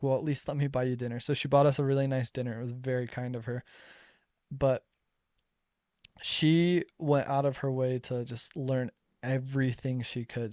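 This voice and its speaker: A man's voice: mid-range voice, darkish tone, no room sound, studio quality. Young man telling a chatty story. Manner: chatty, acts out dialogue, frequent restarts. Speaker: returned missionary storyteller. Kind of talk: casual personal storytelling.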